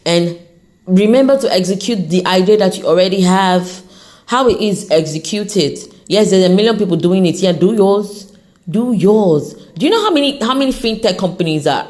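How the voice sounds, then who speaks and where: Animated woman giving a pep-talk podcast. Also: lowish voice, normal speed. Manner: animated, encouraging, speaks off the cuff; says her accent shifts as she talks. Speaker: podcast host. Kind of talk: unscripted motivational podcast talk.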